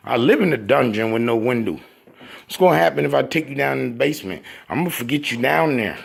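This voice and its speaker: A man's voice: mid-range voice, lively intonation, brisk, creaky, husky. A man giving a casual, rambling monologue while showing off his new room, boastful and full of joking trash talk.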